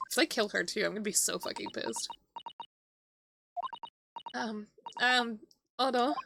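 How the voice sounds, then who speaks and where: A woman streaming a game, reading its dialogue and reacting, excitable and giggly, sometimes swearing. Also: a little high, a little slow, long pauses, noisy background. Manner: excitable and giggly, swears, talks to her dog. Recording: clear background music.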